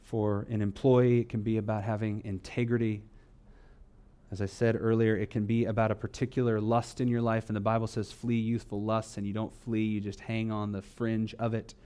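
A man preaching a sermon as pastor, swinging from loud emphatic lines to low, quiet asides and reading scripture slowly with weight on key words. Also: flat delivery, smooth.

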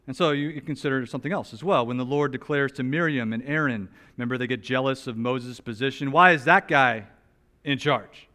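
A male preacher delivering a sermon with a mid-range pitch. He swings from loud, emphatic bursts to quiet, slowed-down lines when he stresses a point. His delivery is animated and earnest. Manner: drops to a soft, slow voice for key points. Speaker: pastor. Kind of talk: expository sermon.

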